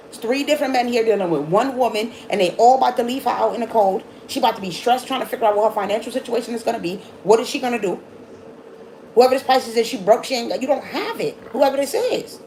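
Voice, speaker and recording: Woman doing a tarot reading, talks fast, blunt and scolding, swears a lot, repeats herself. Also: mid-range voice, darkish tone, slight background noise, rough recording. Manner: repeats herself, quick restarts. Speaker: tarot reader.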